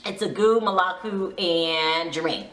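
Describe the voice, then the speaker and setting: A woman's voice: lowish voice, unhurried, a bit bright. A woman vlogger giving a chatty, dramatic, gossipy recap. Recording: roomy echo.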